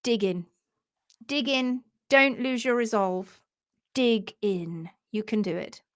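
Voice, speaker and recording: Chatty, animated woman hosting a live stream. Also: fairly high pitch, takes it slowly, no room sound, clean studio sound. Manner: chatty and animated, laughs easily, acts out quotes in funny voices. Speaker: host of a live horse-care stream. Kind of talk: casual live-stream chat, reading out viewer comments.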